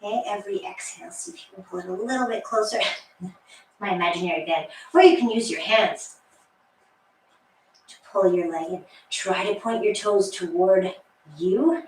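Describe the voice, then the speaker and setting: A woman's voice: mid-range voice, normal speed, long pauses, a little mellow, distant mic. A woman leading a workout as a fitness instructor, encouraging and counting down, slightly out of breath. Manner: encouraging, counts down, light laughs. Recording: echoey room, voice off-mic, faint hiss.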